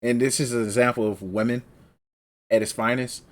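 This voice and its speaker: A man co-hosting a casual podcast, chatting and joking in a relaxed way. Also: mid-range voice, moderate pace. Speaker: podcast co-host. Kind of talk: casual anime recap chat.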